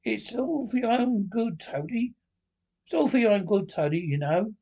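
A man's voice: high voice, expressive, moderate pace, gravelly, a little mellow, husky, voice pushed up, heavily acted. Sceptical, scornful rat, voiced by a man. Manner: dubious, scornful. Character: blunt, sceptical male water rat.

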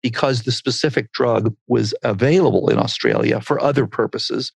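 Gravelly older man telling a story. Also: mid-range voice, moderate pace, dry recording. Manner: animated storyteller acting out quotes. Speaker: medical researcher guest. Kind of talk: storytelling interview answer.

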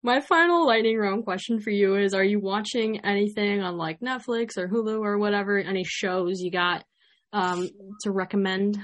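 A woman's voice: medium pitch, normal speed. A woman with a Chicago accent hosting a podcast in a casual, upbeat interview chat. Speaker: podcast host.

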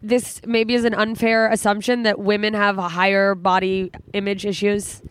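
A woman's voice: mid-range voice, level tone, moderate pace, clear, resonant tone. A young woman hosting a podcast, talking candidly and emotionally, swearing a lot and laughing often. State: tearful. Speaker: podcast host. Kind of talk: casual podcast chat. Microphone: studio microphone.

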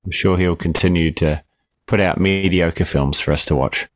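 A man's voice: low-pitched, moderate pace, no echo. A man co-hosting a casual film review chat, jokey and wry. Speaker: podcast co-host.

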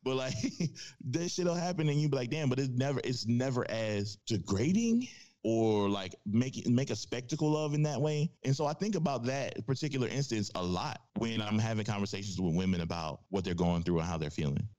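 A man talking casually as a podcast guest, telling stories in an animated, slangy way with plenty of swearing. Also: medium pitch, fairly quick, muffled recording. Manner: animated storyteller, profane, slangy.

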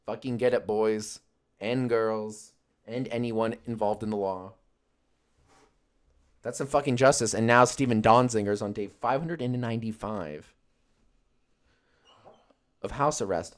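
A young man in a relaxed stream chat, his voice sitting a little low. He talks loosely and jokes around, swearing freely and drifting from one thought to the next with plenty of fillers. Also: normal speed, long pauses. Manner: profane, loose and joking, with many fillers. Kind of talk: casual rambling chat.

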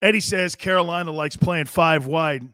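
Guy with a high-ish voice ranting on a football show, sarcastic and blunt, swears, dry sound. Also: normal speed, bright, forceful tone, no echo. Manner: blunt, sarcastic, mocking coach-speak; swears casually. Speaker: sports talk show host. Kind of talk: live sports talk monologue.

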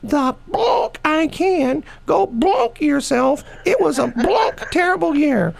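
Guy doing a cranky old granny voice, way up high, cussing and defiant. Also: big pitch swings, slow, vocal fry, heavily acted. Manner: defiant, swearing with bleeped-style made-up cuss word. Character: cranky foul-mouthed old grandmother. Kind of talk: comic impression on morning radio.

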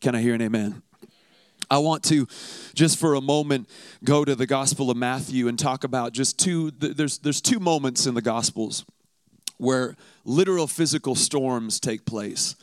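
A man's voice: medium pitch, moderate pace, dry recording. A man preaching a sermon in a conversational, emphatic way, often repeating words for effect.

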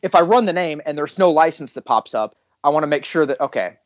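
Animated male storyteller, dry close sound. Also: fairly high pitch, fast talker, no echo, dull audio. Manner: animated storyteller who acts out dialogue in a raised voice. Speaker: podcast co-host and police officer. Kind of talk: casual chat, telling a story.

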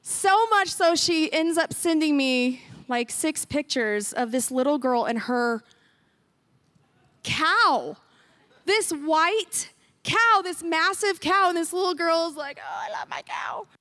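A woman's voice: very high voice, slow pace, bright, forceful tone. A woman giving an earnest, emotional church testimony about her ministry, acting out her own past thoughts as she tells the story. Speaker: guest speaker sharing a ministry testimony.

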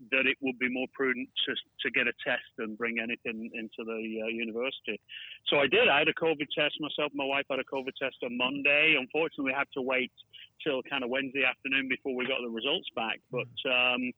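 A man's voice: medium pitch, no echo. A man from northern England with a Bolton accent, chatting casually as a podcast co-host over the phone, rambling and repeating words as he goes. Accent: northern English, Bolton. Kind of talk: casual chat. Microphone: telephone. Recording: tinny, dry phone line.

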